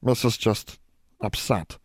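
Guy doing a high slow little old elf lady, timid and fussy, storybook style. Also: darkish tone, husky, no echo, clean studio sound. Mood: anxious. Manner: meek and deferential, speaks of herself as servant to "Miss". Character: wrinkled old female house elf, timid and worried.

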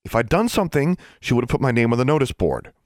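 A man voicing a sharp-tongued twelve-year-old schoolgirl in an audiobook, sour and sarcastic. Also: mid-range voice, very animated, quick pace, no echo, clean studio sound, voice pushed up, lightly acted. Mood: polite.

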